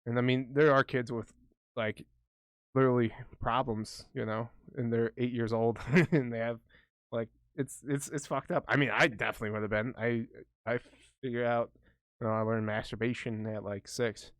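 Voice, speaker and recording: A man's voice: steady tone, normal speed, no room sound, studio quality. Rambling, swearing man on a podcast. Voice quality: high voice for a big man, says smoking affected it. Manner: rambling, profane, jokey. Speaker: podcast co-host. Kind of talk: casual chat.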